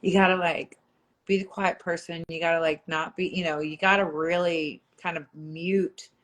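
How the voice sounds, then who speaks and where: A woman's voice: lowish voice, fairly even intonation, normal speed, a bit bright. A young woman, a former reality show contestant, chatting casually on a livestream, rambling with lots of fillers and laughing often. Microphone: phone.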